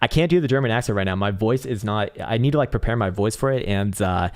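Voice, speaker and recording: A man's voice: on the low side, fast talker. A man hosting a casual crypto chart livestream, rambling and profane with lots of fillers, his voice strained and tired. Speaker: crypto trading livestream host.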